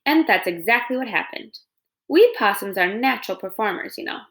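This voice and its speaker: A woman's voice: mid-range voice, animated, fairly quick, a bit bright. A woman reading a children's novel aloud, voicing a chatty, theatrical female possum who gushes about acting. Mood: proud. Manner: dramatic, gushing, eager to please.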